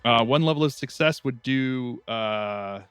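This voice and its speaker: Bright-voiced joking male player. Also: mid-range voice, unhurried, clean tone, dry recording, soft background music. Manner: jokey, laughs often, works through dice math aloud. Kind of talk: casual tabletop game chat.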